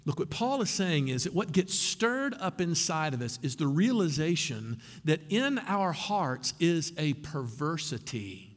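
A man preaching a sermon as pastor, animated and conversational with asides to the congregation. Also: fairly high pitch, measured pace, hardly any pauses, in a large hall.

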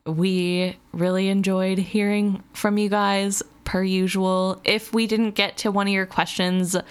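A woman's voice: medium pitch, clear, resonant tone. Giggly young woman podcast co-host. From US Midwest. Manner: giggly, chatty, laughs between thoughts. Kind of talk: casual chat.

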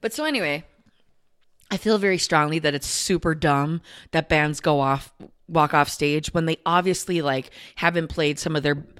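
A woman co-hosting a podcast from a studio, her voice sitting a little low. She chats loosely with plenty of fillers and grows animated when she rants. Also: moderate pace. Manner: chatty, lots of "like" fillers, animated when ranting. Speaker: podcast co-host. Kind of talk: casual chat.

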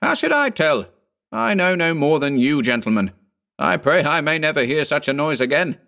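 A man's voice: medium pitch, very animated, normal speed, fairly bright tone. A man reading a ghost story, voicing a frightened, fretful stout innkeeper in a raised, wailing tone. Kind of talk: audiobook character voice.

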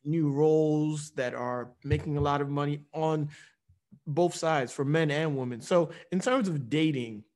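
Man podcast host, direct, steers topics, somewhat high-pitched. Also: unhurried, darkish tone. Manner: direct, leads topics with questions. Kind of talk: casual podcast chat.

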